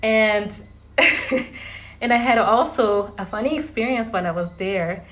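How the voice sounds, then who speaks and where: A woman from Verde, around her thirties, talks straight to her viewers in a casual, chatty vlog. Her voice sits at an ordinary middle pitch, and she often laughs as she tells her stories. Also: slow pace, fairly bright tone. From Cape Verde. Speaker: vlogger.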